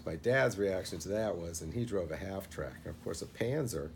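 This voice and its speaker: A man's voice: deep voice, gravelly, darkish tone, a little hiss or hum. A man reviewing a film in a casual, rambling retelling, full of fillers and asides.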